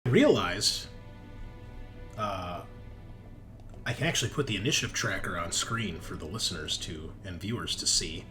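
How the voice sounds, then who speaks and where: A man's voice: low voice, animated, moderate pace, pauses often, bright, forceful tone, faint music behind. A man narrating as game master of a tabletop game, casual, joking and profane.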